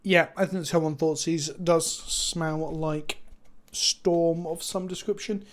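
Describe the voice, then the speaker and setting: A man streaming a card game live, chatting casually with his viewers, excitable and swearing freely as he jokes with chat and comments on his plays. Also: on the high side, slow pace.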